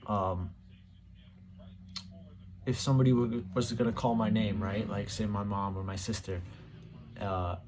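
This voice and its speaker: A man's voice: fairly low pitch, steady tone, a little slow, long pauses, darkish tone, a little hiss or hum. A man hosting his channel, talking casually to camera and rambling as he muses aloud, with plenty of fillers. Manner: rambling, musing, many fillers. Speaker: channel host.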